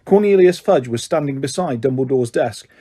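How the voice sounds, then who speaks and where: A man narrating a fantasy audiobook in a steady storytelling manner. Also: mid-range voice, moderate pace, slightly rough.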